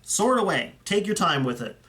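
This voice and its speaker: An enthusiastic young man with a fairly high voice, talking loosely and excitedly, often stopping to correct himself mid-sentence. His speech is casual and unscripted, like a friendly video commentary. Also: moderate pace. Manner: chatty, enthusiastic, rambling with self-corrections. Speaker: YouTuber reviewing fan collections. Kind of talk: casual commentary over viewer photos.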